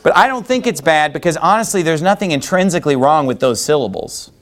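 A man's voice: on the high side, lively intonation, fast, fairly bright tone, slight background noise. A man preaching a sermon in church, firing rhetorical questions at the congregation. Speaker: pastor.

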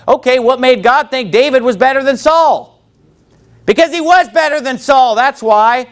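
High-voiced man preaching a sermon. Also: expressive, moderate pace, smooth. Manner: preaching with call-and-response from the congregation. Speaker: pastor.

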